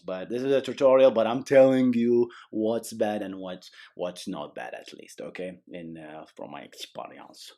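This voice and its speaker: Animated man chatting through a coding tutorial. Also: mid-range voice. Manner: chatty, animated, often adds okay and right, jokes. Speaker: programming tutorial host. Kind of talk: casual screen-recorded coding tutorial.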